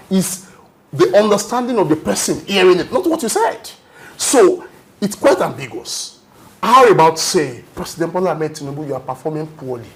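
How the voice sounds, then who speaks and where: A man holding forth on a panel, pressing his points in a lecturing tone. His voice sits a little higher than most men's, and he keeps asking whether his listener understands. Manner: emphatic, lecturing, repeats "you understand?". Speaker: panel guest. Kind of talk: heated panel debate.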